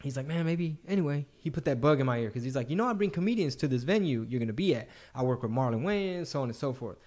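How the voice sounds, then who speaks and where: A man hosting a podcast in casual chat, telling relaxed stories about his start in comedy. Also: mid-range voice, quick pace. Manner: relaxed, chatty, tells his own stories. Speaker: podcast host.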